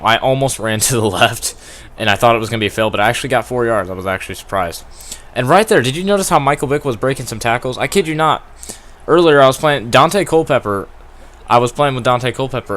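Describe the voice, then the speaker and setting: A man's voice: mid-range voice, fairly bright tone. A young man giving casual, rambling commentary over a football video game through a gaming headset, laughing at himself and getting worked up over plays. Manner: rambling, self-deprecating, laughs often, gets worked up. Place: at home playing on a TV.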